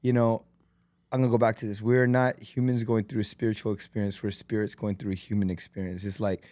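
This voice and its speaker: A man who is a podcast guest and entrepreneur, telling stories in an earnest, animated and emotional way. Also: on the low side, fairly quick, dry recording. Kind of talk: emotional, candid conversation.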